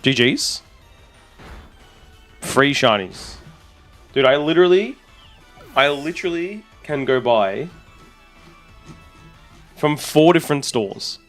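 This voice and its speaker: A man, a streamer, chatting casually and excitably with his audience while rambling on. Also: medium pitch, slow pace, long pauses, soft background music. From Australia. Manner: excitable, rambling, talks to chat. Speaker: streamer and content creator. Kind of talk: casual live-stream chat.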